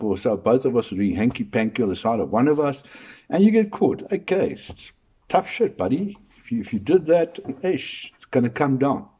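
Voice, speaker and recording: A man's voice: fairly low pitch, dark tone, breathy edge. A male comedian delivering a rambling, crude stand-up monologue full of rhetorical questions.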